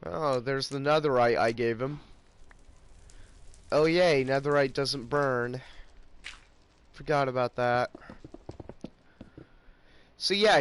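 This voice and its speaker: A man's voice: medium pitch, a little hiss or hum. A young man giving casual gameplay commentary, rambling and ranting about a friend and mimicking him in mocking voices. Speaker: gaming channel host.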